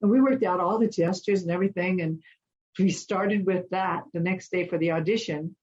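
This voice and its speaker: A woman guest in an interview, telling animated stories and acting out the voices of people in them. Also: fairly low pitch, normal speed, husky, muffled recording. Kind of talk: storytelling in an interview.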